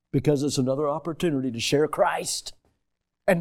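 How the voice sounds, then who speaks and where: A man preaching a sermon as a pastor, emphatic, moving between loud stressed phrases and hushed asides. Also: on the high side, a little fast.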